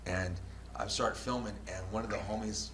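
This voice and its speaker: A man hosting a show, telling a story in a casual, profane and animated way. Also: on the low side, moderate pace, a little hiss or hum. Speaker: show host and news videographer.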